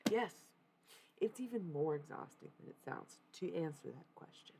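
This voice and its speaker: A woman with a strikingly deep, low voice chats casually with her stream viewers. She talks candidly and rambles, with plenty of swearing, and a faint hum sits under her voice. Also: lively intonation, moderate pace, creaky. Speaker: livestreamer.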